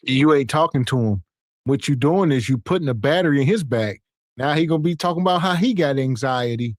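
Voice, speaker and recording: A man's voice: on the high side, lively intonation, a little fast, no echo. Man, podcast host, blunt mocking reactions, dry close sound. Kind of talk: reaction commentary.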